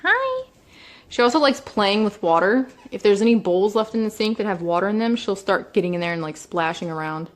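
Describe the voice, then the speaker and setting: A young woman casually introducing her pet cats at home, chatty, sometimes slipping into high baby talk for them. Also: a little fast, few pauses. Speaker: vlogger. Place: home, indoors.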